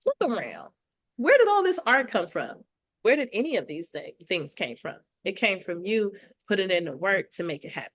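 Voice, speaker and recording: A woman speaking as a podcast guest in a casual interview, her voice swinging widely up and down in pitch. She talks in a heartfelt way and breaks into laughter often, at a middle pitch. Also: big pitch swings, normal speed, fairly bright tone. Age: adult with children. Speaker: podcast guest, artist and educator.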